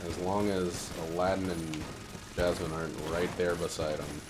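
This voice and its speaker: A man's voice: low voice, fairly even intonation, normal speed, background noise. A man streaming a video game, giving casual play-by-play commentary in a wry, rambling way with muttered asides. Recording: game music playing behind. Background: loud game music and gunfire.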